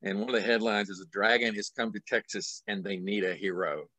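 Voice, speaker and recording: A middle-aged man, an author, telling a story in an animated way, swinging between loud and soft as he acts out the scenes. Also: on the low side, fairly quick, dry recording. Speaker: author guest.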